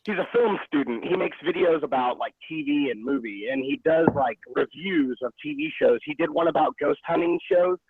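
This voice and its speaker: A man's voice: fairly high pitch, normal speed, hardly any pauses, noisy background. A man in a casual online group chat, enthusiastic and swearing casually as he recommends things. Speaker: co-host. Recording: tinny phone-like online call.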